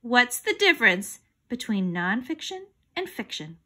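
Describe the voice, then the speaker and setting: A woman reading as a cheerful grown-up principal, storybook style, who reads out quiz questions in a high, bright, lively voice. He sounds upbeat and playful with the kids. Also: a little slow, heavily acted. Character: adult male school principal, game host.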